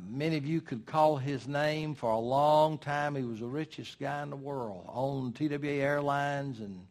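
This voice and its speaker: An older man delivers a sermon in an emphatic, folksy style. His mid-range voice drives each point home and leans on dramatic pauses. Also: medium pitch, a bit bright. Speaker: preacher.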